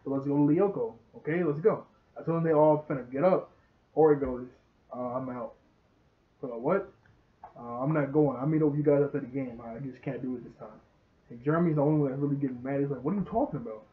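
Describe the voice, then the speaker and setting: A man's voice: medium pitch, fast. A young man, rambling through a casual episode recap and acting out the characters' lines. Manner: rambling, laughs often, acts out dialogue. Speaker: show reviewer. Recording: tinny phone-like sound.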